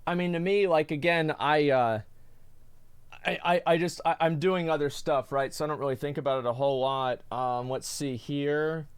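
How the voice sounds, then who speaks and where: Ranting male streamer, smooth dry voice. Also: fairly high pitch, fairly even intonation, normal speed, no room sound. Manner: exasperated, ranting, lots of restarts. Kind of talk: casual reaction stream.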